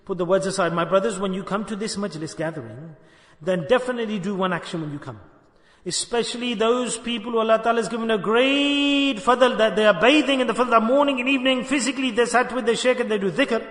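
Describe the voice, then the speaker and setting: A man with a very high, sharply bright voice delivers an earnest sermon to a gathering, repeating phrases and asking his listeners whether they understand. He mixes Arabic devotional phrases into his English. The sound carries a long, roomy hall reverb. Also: fast talker. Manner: earnest, repeats phrases, asks the audience questions. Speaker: Sufi sheikh teaching a dhikr gathering.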